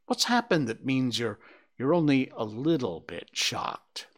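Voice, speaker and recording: A man voicing a vain, touchy old male owl who grumbles and fishes for flattery, in a storybook reading. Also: medium pitch, unhurried. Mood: vain grumbling. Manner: fussy, grumbling, fishing for flattery.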